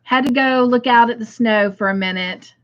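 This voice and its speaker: A woman's voice: on the high side, normal speed, dull audio. A woman hosting a casual craft livestream, chatting and greeting viewers by name as she reads their comments aloud.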